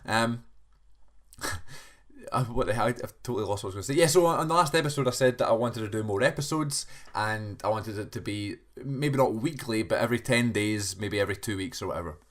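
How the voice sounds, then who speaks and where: A man's voice: fairly low pitch, brisk. A male podcast host giving a chatty, rambling solo cold open, joking at his own expense and restarting sentences.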